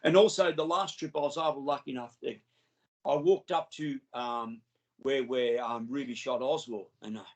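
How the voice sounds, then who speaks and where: A man's voice: medium pitch, fairly even intonation, normal speed, low-quality recording. Australian man telling eager anecdotes. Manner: enthusiastic, rambling anecdotes with many restarts. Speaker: guest. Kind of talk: casual interview storytelling.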